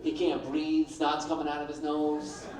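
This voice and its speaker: A man's voice: a little high, monotone, a little slow, distant mic, crowd noise. Brash stand-up comic man, echoey room. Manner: brash, punchy delivery, acts out voices. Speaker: stand-up comedian. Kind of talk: stand-up comedy set. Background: audience laughter.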